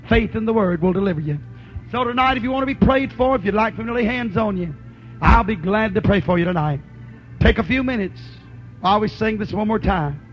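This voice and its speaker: Fervent high-voiced male preacher, muffled tape. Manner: fervent, calls out to the congregation. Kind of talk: sermon with altar call.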